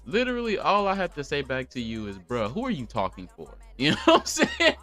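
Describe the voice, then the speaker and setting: A man's voice: fairly high pitch, wildly swooping pitch, fairly quick, fairly bright tone, faint music behind. A young man hosting a casual livestream podcast, rambling in a blunt, profane rant. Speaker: podcast host.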